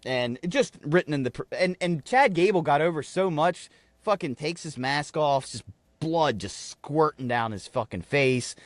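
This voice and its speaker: A man co-hosting a podcast, telling an animated story in casual chat and swearing freely. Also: fairly high pitch, normal speed, no echo. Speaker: podcast co-host.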